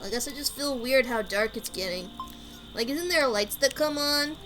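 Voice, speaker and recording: A woman's voice: high voice, normal speed, music in the background, lightly acted, poor audio. A woman voicing a nervous young man in a video game, fretful and anxious.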